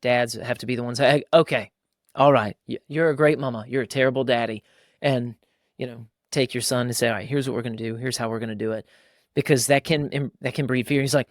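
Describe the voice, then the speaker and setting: A man speaking in casual podcast conversation, earnest and direct, with a pastor's conviction. His voice sits at an ordinary middle pitch and is recorded close and dry. He slips into lively raised voices when quoting others. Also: fairly quick, dry recording. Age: adult father of young boys. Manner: earnest, acts out quoted dialogue in a raised voice.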